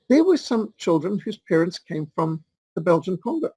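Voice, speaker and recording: A man's voice: a little high, big pitch swings, normal speed, a little mellow, dry recording, low-quality recording. A man in his fifties, from Zimbabwe, telling rambling stories with many fillers as an interview guest. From Rhodesia. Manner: rambling, anecdotal, with frequent fillers and restarts. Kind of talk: storytelling in an interview.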